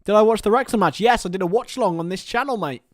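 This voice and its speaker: A young man hosting a casual live stream, chatting with viewers by name and bursting into excited shouts. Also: high voice, fast talker, no echo, clean studio sound. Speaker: livestream host.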